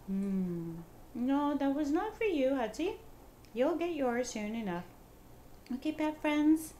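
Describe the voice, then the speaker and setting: A woman's voice: high voice, sing-song, slow, mellow, a little hiss or hum. A woman casually narrating a pet vlog in her home kitchen, coaxing her pets in a sing-song voice. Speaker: pet vlogger.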